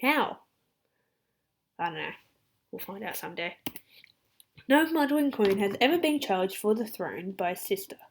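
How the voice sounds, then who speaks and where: A woman with an Australian accent casually reading out facts in a chatty, excitable way, sometimes dropping into whispered asides. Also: medium pitch, unhurried, gravelly, pauses often, a little hiss or hum. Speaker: fan channel host. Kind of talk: casual fact-reading vlog.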